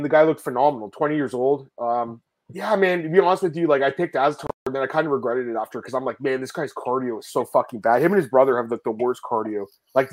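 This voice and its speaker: A man hosting a casual fight-sport podcast, rambling and animated, telling stories with laughs and swearing, often calling out to the viewers. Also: medium pitch. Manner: addresses viewers as guys. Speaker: podcast host. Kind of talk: casual MMA podcast chat.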